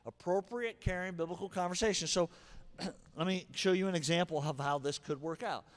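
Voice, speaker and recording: A man preaching a sermon as pastor, animated, acting out harsh and gentle examples. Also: high voice, normal speed. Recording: long hall reverb.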